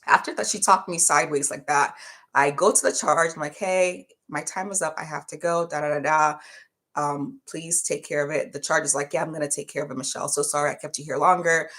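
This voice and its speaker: A young woman casually telling a work story to her viewers, chatty and animated as she acts out what people said. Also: low-pitched. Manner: chatty, animated retelling with quoted voices. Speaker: vlogger.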